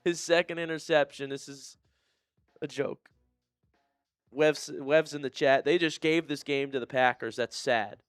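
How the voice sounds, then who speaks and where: Male fan streamer, smooth resonant voice on a dry close sound, excitable play-by-play that swings into disgusted muttering. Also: a little slow, no echo, soft background music. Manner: excitable, swinging between shouted calls and low disgusted muttering. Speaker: fan watch-party streamer. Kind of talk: live play-by-play fan commentary.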